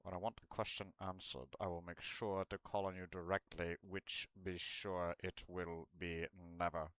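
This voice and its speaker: A sneering, stern wizard schoolmaster played by a man in an impression speaks in a low, hushed, slow drawl full of cold contempt. The voice sits darker and quieter than ordinary chat. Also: level tone, no echo. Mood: disdainful. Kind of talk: impression in a livestream.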